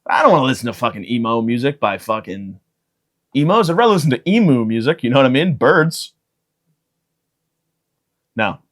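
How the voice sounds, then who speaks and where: A man's voice: medium pitch, big pitch swings, moderate pace, pauses often. A man in his thirties hosting a podcast, riffing alone in a profane, self-mocking comedic monologue. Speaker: podcast host.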